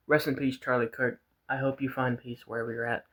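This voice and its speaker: Vlogger guy, rambling rant, repeats himself, middle pitch, plain delivery. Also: little pitch movement, brisk, a bit bright. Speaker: vlogger reacting to a video. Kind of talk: casual ranting commentary.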